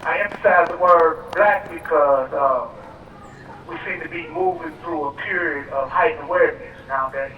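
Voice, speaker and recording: A man on death row giving a measured speech over a prison phone call, played to a rally. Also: on the high side, echoey room, distant mic, slight background noise. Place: prison phone relayed to an outdoor park rally. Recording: muffled phone line played over speakers outdoors.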